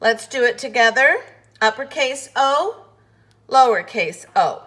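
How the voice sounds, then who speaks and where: A woman teaching letter sounds in a slow, patient phonics lesson, carefully over-enunciating each sound. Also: a little high, lively intonation, a bit bright.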